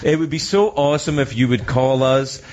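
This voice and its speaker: A man's voice: medium pitch, fairly even intonation, normal speed, background noise. A middle-aged man hosting a comedy radio show, chatting playfully and joking with his guest. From from abroad, moved to America as an adult. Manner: playful, jokey, launches into silly voices. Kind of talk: comedic radio chat and ad read.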